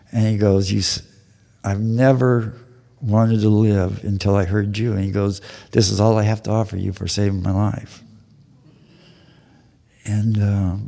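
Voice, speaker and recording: A man in his fifties delivers a personal testimony at a recovery meeting. His voice sits low, and his storytelling is folksy and full of plain slang. The talk is captured live, with a long reverb from the hall around it. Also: mellow.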